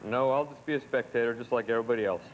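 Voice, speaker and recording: A man's voice: mid-range voice, rapid-fire, muffled recording. A tired man answering hosts over a satellite link, short and matter-of-fact. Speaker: record-setting guest on satellite link. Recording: satellite feed with faint hiss.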